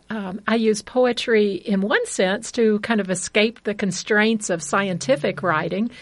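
A woman, a botanist guest poet, answering interview questions in a measured, thoughtful way. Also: mid-range voice, no echo.

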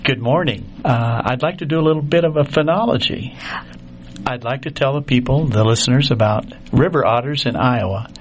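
A man's voice: medium pitch, fairly quick. An older man chatting in a radio studio, telling folksy stories about wildlife as the show's nature reporter. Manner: folksy storytelling. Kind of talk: casual radio chat.

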